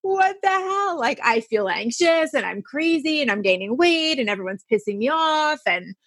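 A woman in her forties hosting a casual chat, frank and animated, swearing freely and laughing often. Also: a little high, normal speed, no room sound. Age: 40s. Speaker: podcast host.

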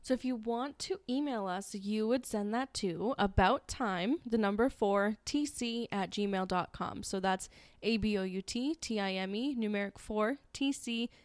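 A young woman co-hosts a podcast with a relaxed, teasing manner. Her voice is recorded dry and close to the mic. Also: medium pitch, dry recording. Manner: laid-back, teasing, quick to laugh. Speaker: podcast co-host. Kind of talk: casual chat.

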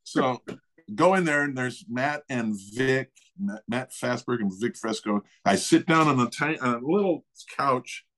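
A middle-aged man casually telling a story in conversation, animated and laughing often. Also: medium pitch, unhurried. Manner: animated, acts out others' voices, laughs often. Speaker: guest storyteller.

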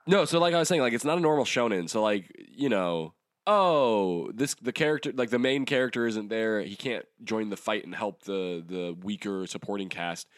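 A man's voice: lowish voice, normal speed, dry recording, clean studio sound. A young man co-hosting a podcast, chatting casually and rambling, laughing often and swearing. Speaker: podcast co-host. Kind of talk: casual chat about manga.

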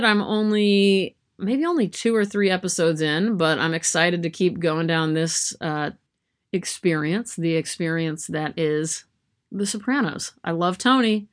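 Chatty rambling woman, slightly low voice. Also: a bit bright. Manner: rambling, self-deprecating, chatty with frequent fillers. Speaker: vlogger. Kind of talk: casual chat to camera. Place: her yarn room at home.

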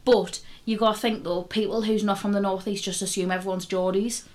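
A woman's voice: medium pitch, fairly even intonation, brisk, darkish tone. Easygoing Hartlepool-accented woman. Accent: North East English, Hartlepool area. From North East England. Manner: easygoing, argumentative banter. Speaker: podcast co-host. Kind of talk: casual chat.

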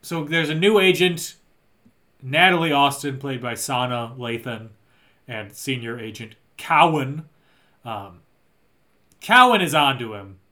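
A man's voice: medium pitch, expressive, unhurried, pauses often, bright, forceful tone. A man co-hosting a casual chat, recapping a movie plot in a rambling, dry, joking way. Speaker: podcast co-host.

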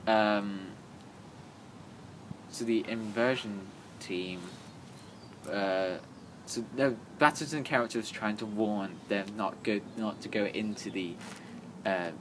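A man co-hosting a podcast, chatting casually and retelling a plot in a halting, rambling way full of fillers and restarts. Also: fairly low pitch, background noise. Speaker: podcast co-host. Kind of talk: casual chat.

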